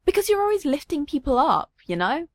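A woman's voice: high voice, sing-song, fairly quick, dry recording, studio quality, voice pushed up. A woman reading aloud, voicing a friendly teenage schoolgirl who talks in a casual, chatty way. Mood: admiring.

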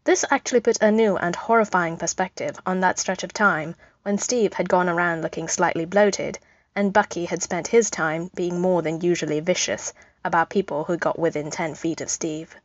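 A woman's voice: fairly low pitch, fairly even intonation, moderate pace, no room sound. A woman reading a story aloud as narrator, with a dry, wry storytelling manner, in a dull lo-fi recording. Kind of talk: audiobook reading of fan fiction.

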